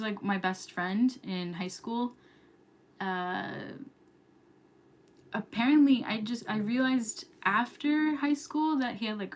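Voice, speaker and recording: A young woman from New York hosting a casual late-night livestream, chatty and giggly, sometimes dropping to a whisper. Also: medium pitch. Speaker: livestream host. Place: home at night.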